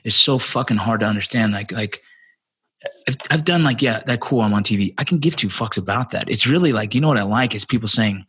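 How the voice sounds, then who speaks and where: A man's voice: lowish voice, lively intonation, a little fast, bright, forceful tone, husky. A man in his thirties, a podcast guest, talking heatedly with heavy swearing. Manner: heated, profane, fired up. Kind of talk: casual chat.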